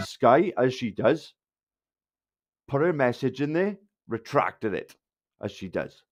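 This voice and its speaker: A man's voice: medium pitch, big pitch swings, takes it slowly, long pauses, music in the background. Angry man with a Valleys accent. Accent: South Wales Valleys. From Wales. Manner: angry, insulting, heavy swearing. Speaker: livestreamer. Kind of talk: ranting livestream address to viewers.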